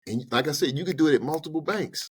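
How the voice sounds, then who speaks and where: A man giving personal finance advice in a casual podcast conversation, talking in an animated, colloquial way and acting out little exchanges with banks. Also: a little high, fast talker, slightly rough. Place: podcast studio.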